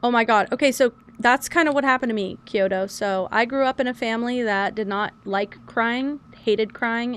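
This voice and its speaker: Playing a game, this young woman streamer keeps up an open, casual chat, animated and talkative, and she describes herself as loud and yappy. She speaks in a mid-range voice, with a faint hiss or hum on the recording.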